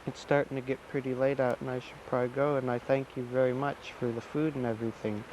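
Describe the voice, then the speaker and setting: A man voicing an eager, polite young man in a folk tale, full of excitement. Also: mid-range voice, fast talker, background noise, lightly acted.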